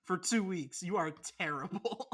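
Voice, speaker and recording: A woman's voice: fairly low pitch, animated, a little slow, breathy edge. A young woman co-hosting a podcast in casual chat, teasing her roommate with sarcastic, profane jabs. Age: young adult. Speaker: podcast co-host.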